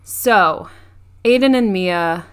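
A woman's voice: medium pitch, slow, a bit bright, smooth. A young woman co-hosting a podcast, casually recapping a movie's plot with frequent ums and restarts. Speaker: podcast co-host.

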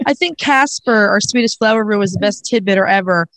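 A woman's voice: medium pitch, brisk, a bit bright, no room sound, low-quality recording. A woman hosting a podcast, joking and giggling through casual chat. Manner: jokey, giggly, teasing asides. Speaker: podcast host.

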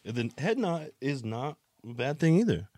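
A man's voice: mid-range voice, sing-song, moderate pace, a little mellow, no room sound. A young man co-hosting a podcast, chatting casually with frequent swearing and laughter. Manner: crude, swearing, laughs often. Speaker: podcast co-host. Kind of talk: casual chat.

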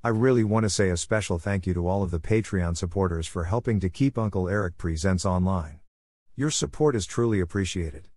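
Brief: upbeat male podcast host, lowish voice, dry close-mic sound. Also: fairly quick, darkish tone, no room sound. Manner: friendly, upbeat announcing. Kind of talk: scripted podcast intro and sponsor reads.

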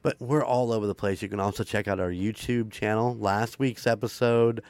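A man's voice: lowish voice, steady tone, normal speed, a little mellow, clear, resonant tone, no echo. A man hosting a paranormal podcast, wrapping up in a rambling, upbeat way with frequent laughs. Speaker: podcast host. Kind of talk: casual podcast outro chat.

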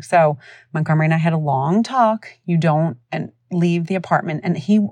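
A woman in her thirties hosting a podcast, telling stories in a casual, animated way and acting out other people's voices. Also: deep voice, a little fast, no room sound. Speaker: podcast host. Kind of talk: casual storytelling.

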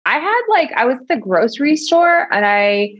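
Lively rambling woman podcast host. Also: a little high, normal speed, muffled recording. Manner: rambling, full of "like", laughs often. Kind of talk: casual podcast chat.

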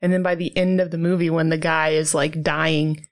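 A woman's voice: low-pitched, little pitch movement, normal speed. A woman in casual chat about a movie she found badly written, talking loosely with lots of "like" and frequent laughter. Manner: chatty, laughing often, heavy use of "like". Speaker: podcast co-host reviewing a movie.

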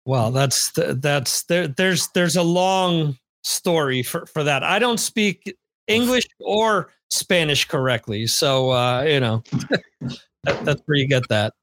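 Male podcast host, casual rambling chat, higher voice, dry close mic. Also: takes it slowly, a bit bright, no echo. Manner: rambling, many restarts and fillers.

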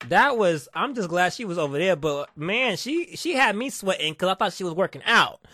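Animated, profane woman telling a story. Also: on the low side, moderate pace, no room sound. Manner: animated and profane, acting out quotes. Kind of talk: casual storytime rant.

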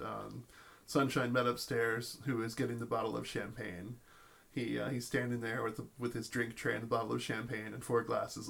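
A man's voice: mid-range voice, gravelly, fairly bright tone. A man narrating as game master of a tabletop role-playing game, telling the story with many fillers and restarts.

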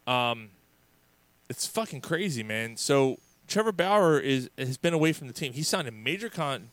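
A man co-hosting a casual sports podcast, telling stories in an animated, profane way with many restarts. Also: medium pitch, moderate pace, no echo. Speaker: podcast co-host.

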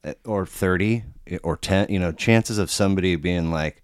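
A man's voice: deep voice, normal speed, clear, resonant tone, no room sound, studio quality. A man talking as a podcast guest in a casual conversation, rambling and cursing freely, with many restarts.

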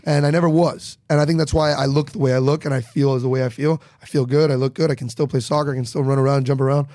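A young man, a comedian, telling comic stories in a casual podcast chat and acting out quick voices. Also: medium pitch, dry recording, studio quality. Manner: animated, acts out bits with quick quoted voices. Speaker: comedian guest.

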